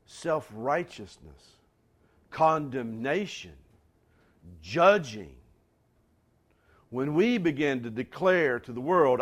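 A man preaching a sermon, talking straight to his congregation with conversational asides and building to forceful emphatic lines. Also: mid-range voice, expressive, takes it slowly, long pauses. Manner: rising to emphatic near-shouts on key lines. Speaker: pastor.

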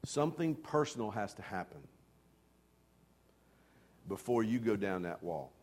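A man preaching a storytelling sermon, self-deprecating and animated, dropping to hushed asides and then rising to loud, excited bursts. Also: on the low side, a little slow. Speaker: pastor.

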